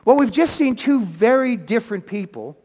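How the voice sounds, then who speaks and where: A man preaching a sermon, retelling a story in a lively way with folksy, humorous asides. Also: extremely high pitch, normal speed, long reverb tail.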